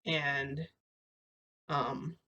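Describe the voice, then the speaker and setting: A woman vlogger telling a long story in a casual, excitable way. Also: low-pitched, extremely slow, lo-fi sound. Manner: excitable, chatty retelling full of "I'm like" and "freaking".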